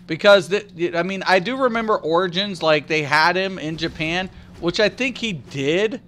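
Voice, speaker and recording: A man streaming a game, chatting casually and excitedly with his viewers, with lots of restarts and fillers. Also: sits high, normal speed. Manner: rambling, excitable, talks back to chat. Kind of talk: casual live-stream chat.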